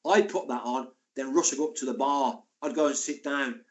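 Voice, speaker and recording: Older ex-footballer guest, chatty storyteller, mid-pitched voice. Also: male voice, fairly quick. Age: 60s. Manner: chatty, animated, laughing anecdotes. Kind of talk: casual interview storytelling.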